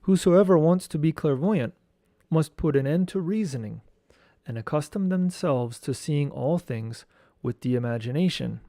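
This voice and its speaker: A man teaching esoteric studies, reading a lecture text aloud in a slow, measured way and chanting mantra syllables. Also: on the high side, expressive, dark tone, no echo, studio quality.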